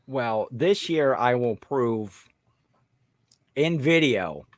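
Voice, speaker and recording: Podcast cohost guy, mid pitch, easygoing chatty talk, dry close sound. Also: expressive, extremely slow, no echo. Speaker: podcast co-host. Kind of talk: casual chat.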